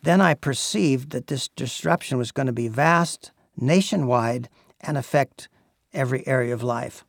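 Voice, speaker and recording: Male preacher, gravelly voice, earnest, unhurried sermon delivery, dry close recording. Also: medium pitch, no room sound. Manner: earnest, measured, with frequent "uh" pauses.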